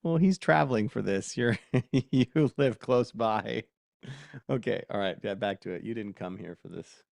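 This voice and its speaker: A man's voice: lowish voice, unhurried, vocal fry, darkish tone, dry recording, studio quality. A man hosting a casual live workshop, talking in a chatty, self-mocking way while dictating prompts aloud. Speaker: host.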